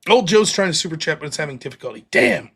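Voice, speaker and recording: A man's voice: fairly high pitch, expressive, quick pace, gravelly, fairly bright tone, breathy edge. A man hosting a live stream, ranting bluntly with lots of swearing and reading out viewer donations. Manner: profane, heated, blunt. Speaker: livestream host reading donations. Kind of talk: casual livestream rant.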